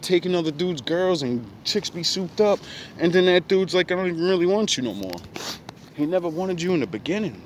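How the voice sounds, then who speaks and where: Rambling, profane man with a slightly high voice. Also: slight background noise. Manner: rambling, profane street slang. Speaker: vlogger. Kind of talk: casual reflective monologue.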